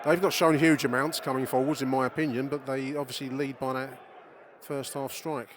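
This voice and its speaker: This middle-aged podcast host delivers chatty football commentary from the stands of an outdoor stadium, sharing opinions, swearing, and addressing listeners head-on. His mid-range voice is flat and moderately paced, and the recording captures a loud crowd.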